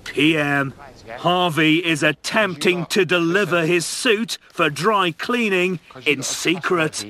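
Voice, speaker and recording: A man reading scripted narration in a measured, matter-of-fact way. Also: a little high, sharp tone.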